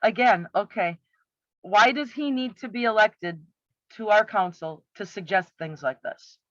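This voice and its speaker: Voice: medium pitch, unhurried, a bit bright, no room sound. A commentator picking apart a campaign video with exasperated, sarcastic rhetorical questions. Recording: slightly muffled, dry.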